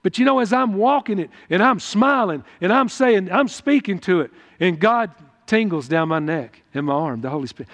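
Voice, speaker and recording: Folksy preacher man, high voice. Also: expressive, moderate pace, fairly bright tone. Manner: folksy, emphatic, with rising calls to the congregation. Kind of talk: sermon. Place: church hall. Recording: long hall reverb.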